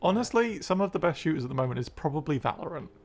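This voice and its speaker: A man's voice: a little high, big pitch swings, fast talker. A man co-hosting a casual improvised chat show, bantering easily about games. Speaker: podcast co-host.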